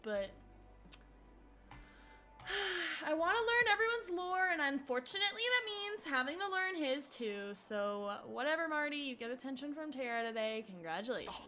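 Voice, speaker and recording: Woman streamer, high and bright, giggly casual gameplay chatter. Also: big pitch swings, normal speed, faint music behind. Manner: giggly, chatty, reacts aloud to characters.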